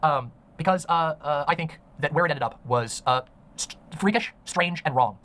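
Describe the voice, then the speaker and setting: A man's voice: a little high, normal speed, bright, forceful tone. A man narrating a commentary video in an earnest, serious way, with many ums and uhs. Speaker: online commentator.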